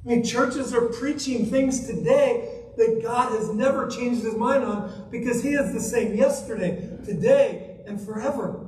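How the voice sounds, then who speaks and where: A man's voice: very high-pitched, unhurried, a little mellow, slight background noise. A man preaching a sermon as guest minister, emphatic and full of rhetorical questions put to the congregation. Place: church sanctuary. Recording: echoey church hall from far off.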